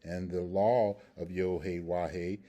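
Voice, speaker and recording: A man with a very low, dark, mellow voice leads a scripture language lesson. He explains each point slowly and with care, and he keeps checking in with his listeners with "okay?" and "all right?". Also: level tone, dull audio. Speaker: Hebrew grammar teacher.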